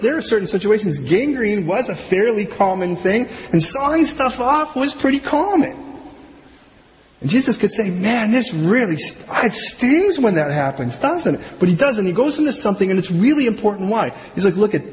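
A middle-aged man preaching a sermon, telling the story with humor and acting out the people he quotes. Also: sits high. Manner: animated, jokey storytelling with quick voiced asides. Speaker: pastor. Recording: long hall reverb, faint room noise.

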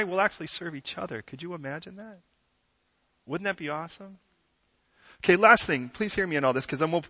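A man preaching a sermon as pastor in a church, conversational and animated, acting out quotes in different voices. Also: fairly high pitch. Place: church sanctuary. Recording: dull sound with long hall reverb.

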